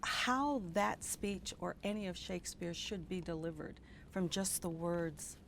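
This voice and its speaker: A woman's voice: fairly low pitch, unhurried, vocal fry, a bit bright, a little hiss or hum. A woman interviewer asking a question, searching for words with small restarts. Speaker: interviewer, graduate school dean.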